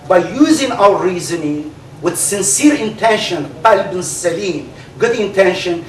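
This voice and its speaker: A man with a Turkish accent, a native Turkish speaker, giving an animated debate speech full of fillers and restarts. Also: high-pitched, slight background noise. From Turkey. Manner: animated, halting with many fillers. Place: large hall. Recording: echoey hall recorded from far off.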